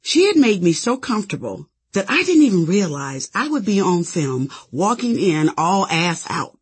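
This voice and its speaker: A woman's voice: on the low side, sing-song, normal speed, slightly rough. A woman narrating her own memoir with sassy, conversational storytelling. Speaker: author and narrator.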